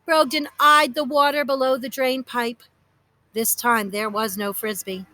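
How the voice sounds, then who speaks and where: A woman narrating a children's storybook in a lively, expressive way. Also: a little high, measured pace, no room sound.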